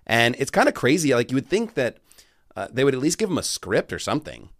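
A man's voice: mid-range voice, sing-song, fast, a bit bright, no room sound, clean studio sound. A man hosting a casual chat, talkative and laughing, with stammering restarts. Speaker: show host.

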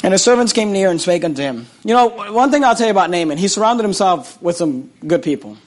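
A man preaching a sermon, reading scripture aloud and retelling it with animated, repeated phrases that swing between loud and hushed. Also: high voice, fast.

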